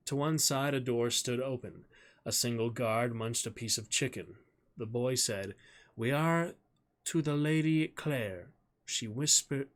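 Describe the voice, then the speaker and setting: A man on a live stream reads a novel aloud at a medium pitch. He talks in a friendly, chatty way with viewers between passages, speaking into a desk microphone. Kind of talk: live-stream chat and book reading.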